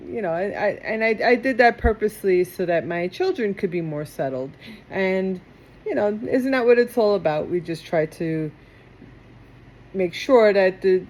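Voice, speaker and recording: Queens new york lady doing a tarot reading, chatty and rambly, wanders off topic a lot. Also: medium pitch. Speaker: tarot reader. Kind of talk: casual tarot reading to camera.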